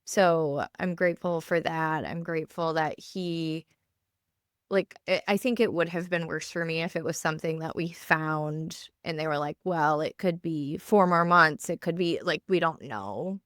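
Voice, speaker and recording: A woman in her thirties speaks in a low voice, chatting casually as a podcast co-host. She talks haltingly, restarting sentences and leaning on fillers. The sound is dry and close, with no room echo. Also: fairly bright tone, clear, resonant tone. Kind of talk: casual chat. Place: home basement.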